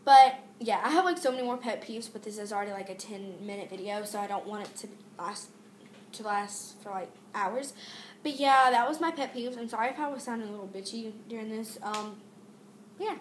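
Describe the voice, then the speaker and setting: A woman's voice: on the high side, a little fast, roomy sound, slight background noise. A teenage girl vlogging a casual rant about pet peeves, exasperated and rambling with many fillers and restarts.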